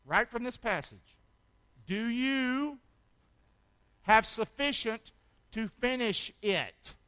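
A man preaching a sermon as pastor, calling for amens and swinging from loud shouts to hushed asides. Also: sits high.

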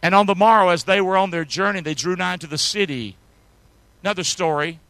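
Preacher man, high bright voice with some gravel, dry close sound, gets the crowd to repeat words. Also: a little fast, no echo, poor audio. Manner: call-and-response, asks congregation to say words; reads archaic scripture aloud with emphasis. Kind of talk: sermon with scripture reading.

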